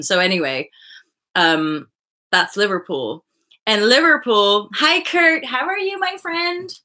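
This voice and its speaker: Bright-voiced, chatty woman host. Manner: chatty, rambling, bursts into high excited asides. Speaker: host of a spiritual livestream. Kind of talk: casual chat with live viewers.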